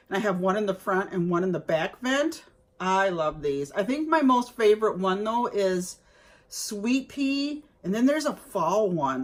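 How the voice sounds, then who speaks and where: Slow-talking, lively woman vlogger. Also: medium pitch. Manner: chatty, exclaims over each item. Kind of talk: casual unboxing chat.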